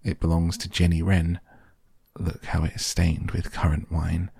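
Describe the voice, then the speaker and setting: A man's voice: low-pitched, completely flat delivery, measured pace, vocal fry, darkish tone, husky, no echo, studio quality, exaggerated voice. A man voicing a small, stout hedgehog washerwoman who answers with anxious, bobbing politeness. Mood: fussing politely. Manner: bobbing polite, "if you please, 'm".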